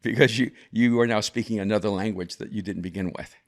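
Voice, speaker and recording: A man's voice: lowish voice, steady tone, fast. A man over fifty from El Salvador, a guest telling stories in a reflective way with frequent restarts. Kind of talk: conversational storytelling.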